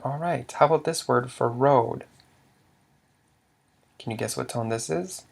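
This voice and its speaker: A man's voice: medium pitch, unhurried, creaky, husky. A man teaching a language lesson, patiently quizzing the listener and sounding out example words. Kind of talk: slow instructional explanation.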